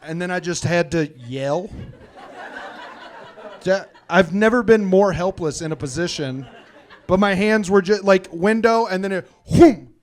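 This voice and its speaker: A man from Missouri with a slightly high voice tells a story on a live comedy stage. He rambles and swears, animated as he goes. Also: unhurried, long pauses. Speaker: comedian co-host.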